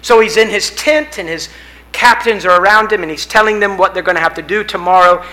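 A man's voice: high-pitched, fairly quick, bright, forceful tone, poor audio. A man preaching a sermon, painting vivid pictures and swelling up on the key images. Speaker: pastor.

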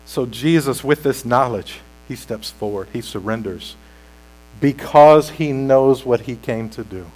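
A man preaching a sermon as pastor, slow and deliberate, building to loud, emphatic peaks while sweating. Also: mid-range voice, poor audio.

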